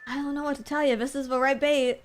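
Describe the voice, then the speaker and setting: A woman's voice: high voice, level tone, quick pace. A woman streamer chatting casually over a fishing game, teasing and coaxing in a playful, flirty way. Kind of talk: casual gameplay commentary.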